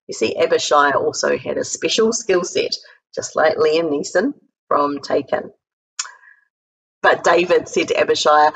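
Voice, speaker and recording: A woman with a New Zealand accent giving a sermon as a guest speaker, retelling a Bible story in a lively way and acting out the quoted lines with a raised voice. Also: low voice, measured pace, slight background noise, poor audio. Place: home recording for an online church service.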